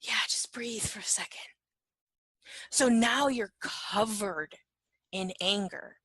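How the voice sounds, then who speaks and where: Husky-voiced woman teaching casually. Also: mid-range voice, slow pace. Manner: conversational, keeps asking "right?", acts out little dialogues; drops to a soft whisper at times. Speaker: empath teacher. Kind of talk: informal spoken teaching.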